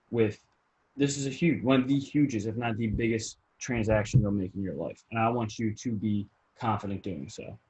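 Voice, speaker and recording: A young man from New Jersey with a Jersey accent, chatting casually as a realtor guest, rambling and animated, with lots of "like". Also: lowish voice, muffled recording. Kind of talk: casual podcast chat.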